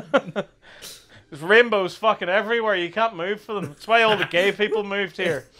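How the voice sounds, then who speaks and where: A young Irish man hosting a casual, crude commentary chat, animated and laughing often. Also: high-pitched, measured pace. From Ireland. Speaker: commentary host.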